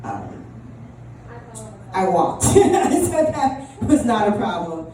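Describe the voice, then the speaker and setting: A woman's voice: medium pitch, big pitch swings, slow pace, mellow. Rambling woman doing stand-up in an echoey club. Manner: rambling, self-deprecating, many ums and restarts. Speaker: stand-up comedian. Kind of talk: open mic stand-up set. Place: small comedy club. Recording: echoey room, distant mic, audible room noise.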